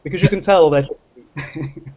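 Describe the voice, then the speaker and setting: A man introducing himself as a researcher on a video call, hesitant and self-deprecating with many pauses. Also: a little high, a little mellow. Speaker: panel guest, researcher. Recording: dull lo-fi call audio.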